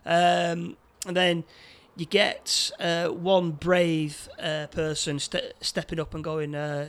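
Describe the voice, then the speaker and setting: A man co-hosting a casual film review chat, recounting scenes in a halting way with many repeated words and fillers. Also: a little high, level tone, a bit bright. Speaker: podcast co-host.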